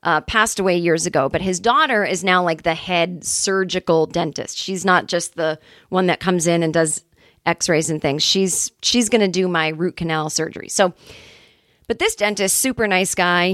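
A woman's voice: on the low side, normal speed, fairly bright tone, no echo, studio quality. A woman hosting a comedy podcast, telling a rambling, self-deprecating story and speaking openly about her anxiety in a casual way.

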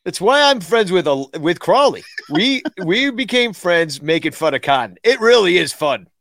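A man co-hosting a podcast, chatting casually and laughing as he jokes. His voice is a little high and swings widely in pitch. The sound is dry and close. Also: big pitch swings, moderate pace, a bit bright, dry recording. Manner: laughing, joking banter. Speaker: podcast co-host. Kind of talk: casual chat.

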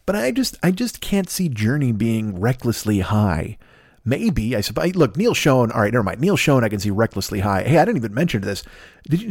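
Male podcast host, mid-pitched, loose rambling profane comic riffing, dry close-mic sound. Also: darkish tone, dry recording. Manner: rambling, profane, laughing at his own jokes. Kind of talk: late-night solo comedy rant.

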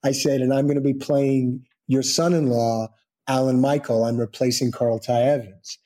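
A middle-aged man, an actor, telling backstage stories in a lively way and acting out the quotes. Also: moderate pace. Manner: lively storyteller acting out quotes with big pitch jumps. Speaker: actor and guest. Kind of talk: animated anecdote-telling.

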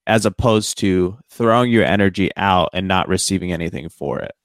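A man's voice: sits low, moderate pace, dry recording, studio quality. A man co-hosting a podcast in casual chat, talking in a reflective, earnest way with frequent "you know" fillers. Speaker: podcast co-host.

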